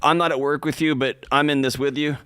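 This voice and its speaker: A man co-hosting a call-in advice show, animated and lively, acting out quotes. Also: fairly high pitch, brisk, clear, resonant tone, dry recording, clean studio sound. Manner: animated, acts out quotes in voices. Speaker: radio show co-host. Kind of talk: casual advice talk.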